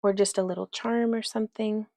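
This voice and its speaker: A woman's voice: mid-range voice, fairly even intonation, brisk, a little mellow, no room sound. A woman hosting a casual crafting livestream, chatting as she works and reading viewer comments aloud. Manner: chatty, reads viewer comments aloud, talks to her dog.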